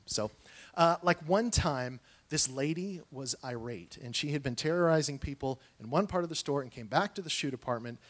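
A man telling personal stories in a sermon, earnest and conversational, with frequent restarts and asides. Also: on the high side. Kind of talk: sermon storytelling.

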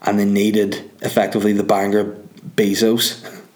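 A man's voice: lowish voice, completely flat delivery, moderate pace, darkish tone. A man with a Northern Irish accent, a comedian hosting his podcast, rambling and joking in a sleepy late-night monologue. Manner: rambling, joking, swearing freely. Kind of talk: casual monologue.

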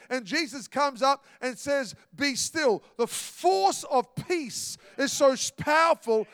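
A man's voice: very high voice, a bit bright, clean tone, no echo, clean studio sound, big-room sound. A man preaching a sermon, emphatic and repetitive, telling stories to make his point. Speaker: pastor.

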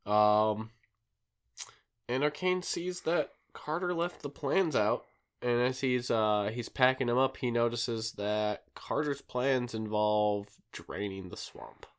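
A man's voice: medium pitch, slow. A man hosting a podcast who recaps a show in a rambling, casual way, full of fillers. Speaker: podcast host recapping an episode. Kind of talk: casual chat.

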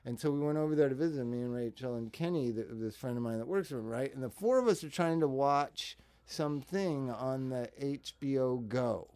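A man's voice: mid-range voice, fairly quick, hardly any pauses, warm tone. A man in his fifties, a podcast guest, telling easygoing anecdotes in casual chat and chuckling along.

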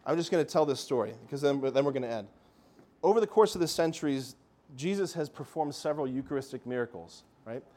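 A man giving a lively Catholic faith talk, telling miracle stories with animation and calling his listeners "guys". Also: medium pitch, fast. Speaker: Catholic speaker.

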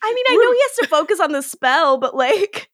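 A woman's voice: very high-pitched, big pitch swings, a little fast, fairly bright tone, dry recording, clean studio sound. A woman co-hosting a podcast, chatting casually and laughing as she recaps episode scenes and acts out the characters' lines.

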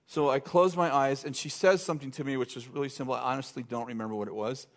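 A man's voice: medium pitch, fairly even intonation, fast talker. A middle-aged man preaching in a church, telling a funny story in a rambling, self-interrupting way with lots of fillers. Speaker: pastor. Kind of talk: sermon storytelling. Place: church sanctuary.

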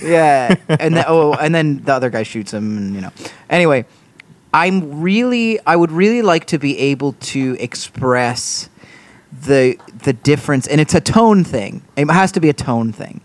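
A man's voice: on the high side, expressive, normal speed. A man in a casual podcast chat, searching for words and speaking emphatically. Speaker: podcast co-host.

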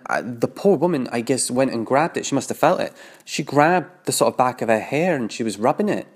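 A man recording a private audio diary, telling a story in a candid, profane, rambling way. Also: mid-range voice. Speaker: audio diarist. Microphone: solo recording to a mic.

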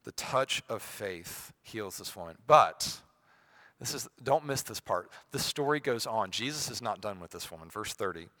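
A man preaching a sermon, swinging from hushed, soft passages to loud, emphatic ones and acting out quoted voices. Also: fairly low pitch, animated, normal speed. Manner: acts out quoted voices with sarcasm.

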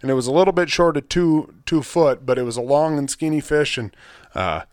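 A man hosting a podcast, telling stories in a rambling, excitable way with casual cursing. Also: a little high, brisk, no room sound, clean studio sound. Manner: rambling, excitable storyteller with mild swearing. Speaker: podcast host. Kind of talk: casual chat.

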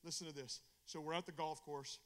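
A middle-aged male evangelist preaching fervently at a Bible study. He repeats phrases and restarts often, and shifts from loud bursts to low, confiding talk. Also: steady tone, a little fast.

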